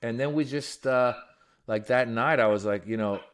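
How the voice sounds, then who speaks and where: A man from Iran, a guest comedian, telling stories in a casual, animated way. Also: medium pitch, normal speed, clean tone. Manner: animated storyteller. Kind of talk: casual storytelling.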